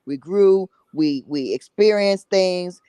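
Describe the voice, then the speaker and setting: A woman's voice: fairly low pitch, takes it slowly, warm tone, clear, resonant tone, no echo, rough recording. A woman speaking as a guest on a talk show, emphatic and blunt, repeating herself and tagging her points with "okay?". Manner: emphatic, repeats herself, drops tag 'okay?'; blunt, salty language. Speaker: guest, summit organizer. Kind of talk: passionate conversational talk.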